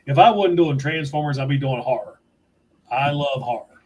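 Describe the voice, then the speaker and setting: A man from West Virginia hosting a casual livestream, telling chatty stories and cracking dry, dark jokes. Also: mid-range voice, normal speed, husky. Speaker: toy reviewer, livestream host.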